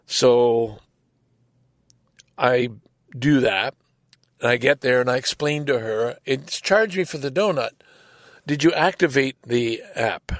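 A man's voice: mid-range voice, lively intonation, measured pace, dry recording, clean studio sound. An older man telling a rambling, exasperated story in a casual monologue, swearing freely. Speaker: vlogger.

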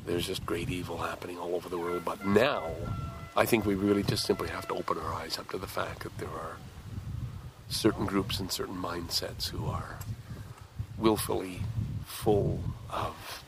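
A man hosting a show, delivering an angry, impassioned solo monologue full of halting restarts. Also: low-pitched, steady tone, noisy background. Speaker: show host.

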